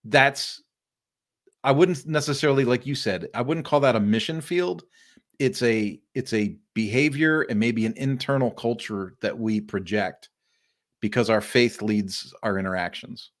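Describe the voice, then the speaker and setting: A middle-aged man hosts a relaxed live-streamed chat. He tells stories with energy and acts out cheerful greetings to the people he meets. His voice sits at an ordinary middle pitch. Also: unhurried. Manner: animated storyteller, acts out friendly greetings. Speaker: podcast host. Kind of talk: casual interview chat. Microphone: remote live-stream call.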